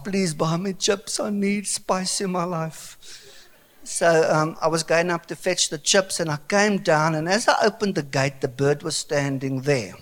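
Animated South African pastor, high voice. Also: male voice. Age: 50s. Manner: animated, comic storytelling with sudden bursts of excitement. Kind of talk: storytelling sermon.

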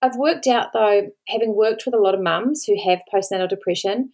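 A woman's voice: medium pitch, a little fast, a little mellow. An Australian woman, a podcast host and mother, talking earnestly and pleadingly to listeners, near tears, repeating words for emphasis. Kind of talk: solo podcast talk.

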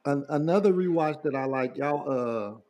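A man's voice: fairly high pitch, moderate pace, a little mellow, soft background music. A man co-hosting a podcast, joking around in casual, slangy talk. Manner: joking, slangy, laughs easily. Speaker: podcast co-host. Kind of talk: casual chat.

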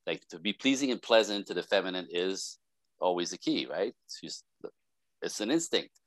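A man speaking as a relationship expert guest in a casual podcast conversation, telling animated stories and acting out the voices of people he quotes. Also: sits low, moderate pace, no room sound.

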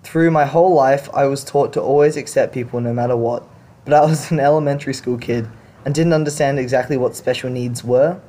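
A man's voice: mid-range voice, fairly even intonation, a little fast, dark tone. A man hosting a show, reading confession stories aloud and reacting to them in blunt, casual talk with some swearing. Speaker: podcast host reading stories.

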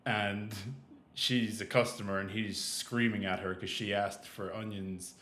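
Male podcast co-host, rambling animated storyteller, echoey room sound. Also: fairly low pitch, unhurried. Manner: rambling, animated retelling with restarts and acted-out quotes. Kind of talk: casual storytelling chat. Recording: roomy echo.

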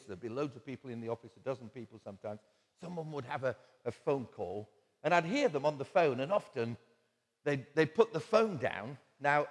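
A man preaching a sermon in a church, telling stories conversationally with quoted asides and chuckles. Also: medium pitch. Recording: long church-hall reverb.

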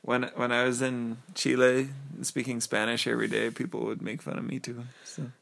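A man's voice: mid-range voice, little pitch movement, normal speed, creaky, fairly bright tone. A young man in a casual chat, easygoing, laughing along and explaining things.

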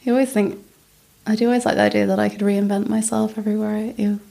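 A young woman from Northern Ireland with a Northern Irish accent, speaking softly and shyly as a guest in a casual interview, laughing often. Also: mid-range voice, level tone, fast, creaky. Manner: soft-spoken, shy, laughs often. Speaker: guest puppet-maker.

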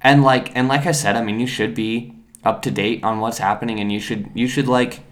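A man's voice: mid-range voice, steady tone, a little fast. A man in casual podcast chat who talks loosely with lots of fillers and casual swearing.

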